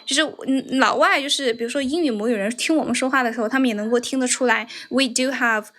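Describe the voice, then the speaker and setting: Woman with a Chinese accent, encouraging live-stream coach who keeps checking in with tag questions; slightly higher voice. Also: fast talker, fairly bright tone. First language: Mandarin Chinese. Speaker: livestream English coach. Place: home room, grandmother's house.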